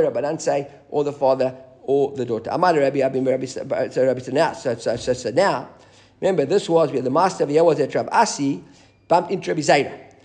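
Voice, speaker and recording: In a live Talmud lesson, a fairly high-pitched man reads from Aramaic texts and goes over their meaning in English with animated side comments.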